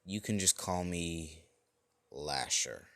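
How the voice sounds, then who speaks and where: A man's voice: low-pitched, animated, slow, a bit bright, dry recording, heavily acted. A man voicing a male alien symbiote creature who mentors a boy, in a casual, offhand fan-story voice. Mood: calm, explaining.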